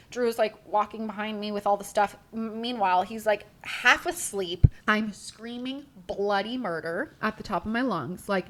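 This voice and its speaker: A woman hosting a podcast, telling a personal story in a chatty, animated way, full of "like" and acted-out quotes. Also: medium pitch. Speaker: podcast host.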